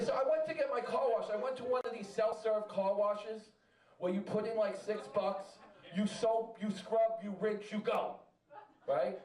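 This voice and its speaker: A man doing stand-up comedy for a live audience, telling a story with animated delivery and shouted punchlines. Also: sits high. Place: club stage with a crowd. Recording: roomy, distant live stage sound with crowd.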